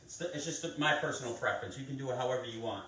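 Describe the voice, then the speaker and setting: A man's voice: medium pitch, racing, pushed and bright, a little hiss or hum. A man hosting a live cooking stream, chatting viewers through each step of a recipe in a casual way. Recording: echoey kitchen, mic at a distance.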